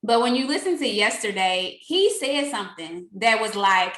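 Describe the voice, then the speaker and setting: A young woman with a fairly high voice gives a faith-filled pep talk to her sales team. She talks animatedly and preachily, laughing as she acts out other people's words. The sound is echoey and roomy. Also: very animated, moderate pace, fairly bright tone. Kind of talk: casual motivational talk.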